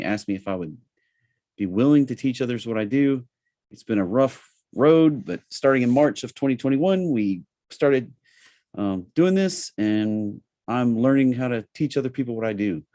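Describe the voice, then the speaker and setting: A man with a Southern drawl runs a live online trading class in an easygoing, chatty manner, with lots of ums and uhs. His voice sits at a middling pitch. The sound is dry, with no room echo. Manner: relaxed, chatty, with frequent fillers. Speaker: trading webinar host. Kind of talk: casual live webinar presentation.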